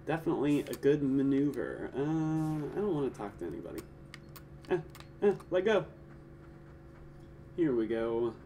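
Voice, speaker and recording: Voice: medium pitch, big pitch swings, normal speed, creaky, long pauses, warm tone, far from the mic, slight background noise. A gaming streamer giving casual live gameplay commentary, joking around, chatting to viewers and making goofy sound effects. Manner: playful and jokey, chatting to viewers.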